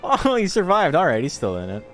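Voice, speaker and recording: A man's voice: fairly high pitch, huge pitch swings, brisk, fairly bright tone, soft background music. A man, chatting loosely and swearing casually while commentating a game tournament on a stream. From Canada. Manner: loose and profane, laughing often.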